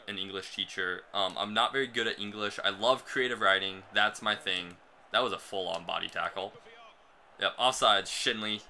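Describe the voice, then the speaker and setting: A man's voice: fairly low pitch, pushed and bright. A young man from the United States casually chatting about his life while commenting on a football video game, rambling and self-deprecating. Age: young adult. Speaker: gaming channel host. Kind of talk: casual gameplay commentary with storytelling.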